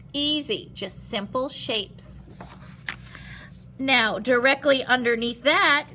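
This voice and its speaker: A woman art teacher leading a step-by-step drawing lesson for young children, animated and expressive, explaining in simple words. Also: on the high side, a little hiss or hum.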